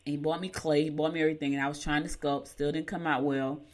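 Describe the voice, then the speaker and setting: Her voice low-pitched and fairly flat in pitch, a middle-aged morning show host talks quickly. Between horoscope readings she shares folksy stories in casual chat and laughs at herself.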